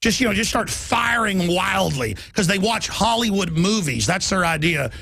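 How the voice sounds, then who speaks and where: A middle-aged man hosting a talk radio show, ranting in a heated, rapid political monologue. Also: high-pitched, expressive, creaky, sharp tone, slightly rough.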